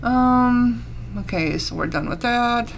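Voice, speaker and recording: A woman's voice: on the high side, expressive, takes it slowly, vocal fry, slight background noise. A woman casually commenting on a game she is playing, chatty and reading the game text aloud between fillers. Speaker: let's play gamer.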